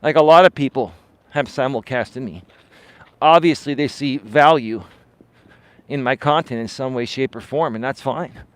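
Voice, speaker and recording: Male coach ranting unscripted to his live viewers, mid pitch, dry sound, dismissive, leans on "right?". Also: normal speed, dry recording. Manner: dismissive, emphatic, keeps asking "right?"; repeats words for stress. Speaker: life and dating coach, live-stream host. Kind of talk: unscripted live-stream monologue.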